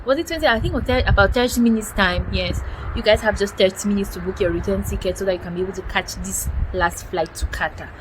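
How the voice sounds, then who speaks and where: A young woman from Cameroon tells a story to camera in a lively, exclamatory way and acts out the lines of the people in it. Her voice sits at an ordinary middle pitch. Steady background noise runs under the recording. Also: quick pace. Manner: animated, exclamatory retelling with quoted dialogue. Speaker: vlogger. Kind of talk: storytelling vlog.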